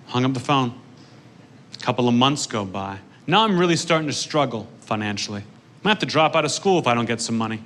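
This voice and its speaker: A male stand-up comedian telling a dark story in a dry, deadpan way on a comedy stage. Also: medium pitch, a little fast, slight background noise.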